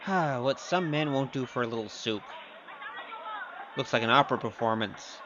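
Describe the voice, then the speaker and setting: An actor playing a cocky young male thief who speaks in a wry, playful, quick-witted way, narrating his tale in a radio play. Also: medium pitch, lively intonation, muffled recording, crowd noise, noisy background, natural voice. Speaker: narrator and lead.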